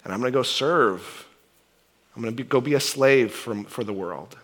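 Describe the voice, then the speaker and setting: A male pastor preaching a sermon in a conversational, animated way, often asking "right?" and restarting his phrases. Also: medium pitch, normal speed.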